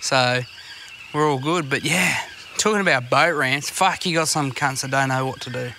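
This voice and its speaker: A man's voice: mid-range voice, moderate pace, bright, forceful tone, slight background noise. A man telling sweary, rambling stories in casual chat. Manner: sweary storytelling.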